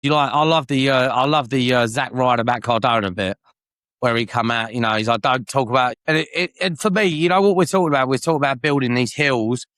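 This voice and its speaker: Guy bantering fast on a podcast, sweary, dry mic sound. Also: mid-range voice, a bit bright, clear, resonant tone, dry recording. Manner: quick banter, swears casually. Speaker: podcast co-host. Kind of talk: casual chat.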